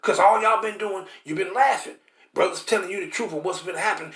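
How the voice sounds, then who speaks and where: Man, high voice, emphatic street preacher who repeats himself and restarts sentences, roomy echo. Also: fairly quick, a bit bright. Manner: emphatic and repetitive, keeps asking "See?"; stammers and restarts while hunting for words. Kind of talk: street-style scripture teaching.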